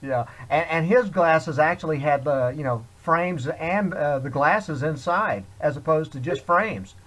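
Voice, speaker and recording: A man hosting an interview, asking questions in a halting way with many fillers. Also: on the high side, a bit bright. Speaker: host.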